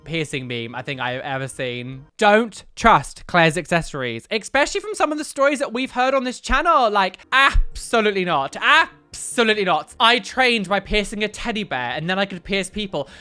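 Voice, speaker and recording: A young man hosting a reaction video, animated and exclamatory with frequent laughs. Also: high voice. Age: young adult. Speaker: YouTube reaction host. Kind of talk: reaction commentary.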